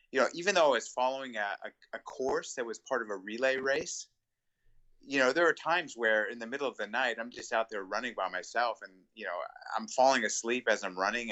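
A middle-aged man as an interview guest, talking in a relaxed, reflective way with chuckles. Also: mid-range voice, lo-fi sound. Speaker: guest ultramarathon runner. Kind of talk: conversational interview.

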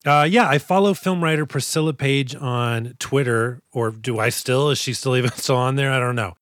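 A man's voice: mid-range voice, moderate pace, fairly bright tone, dry recording, studio quality. A man from the United States hosting a podcast about action movies, joking and rambling in casual chat. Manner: jokey, rambling with restarts. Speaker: podcast host.

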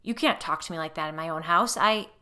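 A woman's voice: low-pitched, normal speed, pushed and bright. A woman voicing a scowling, defensive older man in a story reading. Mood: angry.

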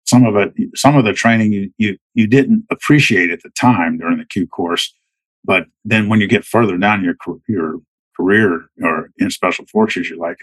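A man in his fifties, a retired soldier, telling war stories casually in a halting way, with many restarts. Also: low voice, fairly bright tone, no echo, poor audio. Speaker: guest, retired Army Green Beret. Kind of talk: casual storytelling.

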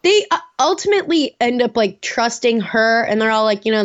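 A woman's voice: fairly high pitch, lively intonation, brisk, hardly any pauses, dull audio. A woman co-hosting a podcast, chatting casually about a reality show with lots of "like" and "you know" fillers. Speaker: podcast co-host. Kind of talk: casual chat.

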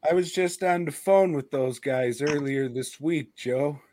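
A man's voice: a little high, measured pace, dark tone, a little hiss or hum. A man hosting a casual podcast, wry and cursing freely, telling stories and mimicking people he spoke to on the phone. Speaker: podcast host.

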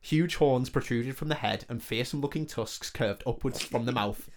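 A man's voice: medium pitch, normal speed, slight background noise. Man reading a comic fantasy story. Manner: joking, laughs between lines.

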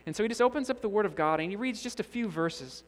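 A slightly high-pitched man preaches from a church pulpit, telling an illustrative story and voicing its characters as he goes. His voice rings out with a long reverb tail in the sanctuary. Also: fast talker. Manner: animated storyteller acting out characters' lines. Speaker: guest preacher. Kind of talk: sermon storytelling.

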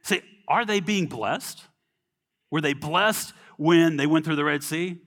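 A man delivering a sermon in a chatty, conversational way, with a fairly high, bright and forceful voice. He keeps checking in with his listeners and slips into quick acted voices for the people in his stories. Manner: conversational, frequent "right?" check-ins; acts out quoted people in voices. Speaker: preacher.

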